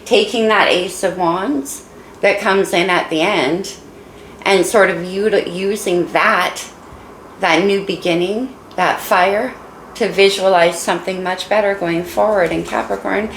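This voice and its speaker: Tarot reader, woman, low gravelly voice that is fading, emotional and encouraging, echoey room with faint hiss. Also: fairly even intonation, unhurried. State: losing her voice. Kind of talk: casual tarot reading.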